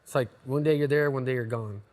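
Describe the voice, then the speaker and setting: An American man in a band, talking in a lively way and often mimicking his bandmates during a casual interview. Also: medium pitch, fast talker. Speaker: band member.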